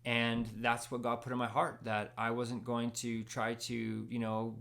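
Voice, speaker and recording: Young man, mid-pitched with some vocal fry, relaxed storyteller sharing his faith testimony. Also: a little slow. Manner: storytelling, acts out dialogue, laughs at himself. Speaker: Christian speaker sharing testimony. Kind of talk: casual spoken testimony.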